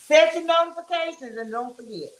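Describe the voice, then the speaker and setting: A woman's voice: high-pitched, a little fast, a little hiss or hum. A woman hosting a casual livestream while cooking, folksy and chatty, calling viewers honey and child. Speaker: livestream host and weekend DJ. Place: home kitchen. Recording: echoey kitchen with frying sizzle. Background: fish frying and sizzling.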